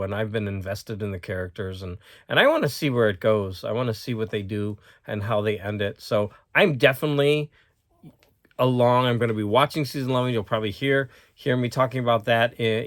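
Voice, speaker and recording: A man's voice: mid-range voice, fairly bright tone, no echo, clean studio sound. Rambling male movie chat host. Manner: rambling, self-correcting, repeats words. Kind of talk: casual chat about movies and books.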